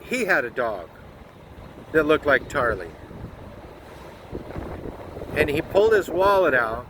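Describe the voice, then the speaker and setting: An American man with a somewhat high voice tells a heartfelt story outdoors, his voice close to breaking. He is earnest and blunt, and he swears now and then. Loud wind noise hits the microphone throughout. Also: sing-song, slow pace. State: close to tears. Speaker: truck driver vlogger. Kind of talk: emotional storytelling vlog.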